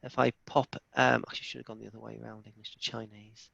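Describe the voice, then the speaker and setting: A man presenting a software demo in a live online session, enthusiastic and chatty, often restarting his sentences. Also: on the low side, flat delivery, fast, gravelly, no room sound. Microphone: video call. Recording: dull lo-fi video call audio.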